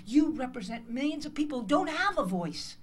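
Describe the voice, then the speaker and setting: An American woman in her sixties gives an emphatic motivational speech to a room of interns in a conference hall, her high voice swinging widely in pitch at a slightly fast pace. She's passionate and emphatic, acting out dialogues as she goes.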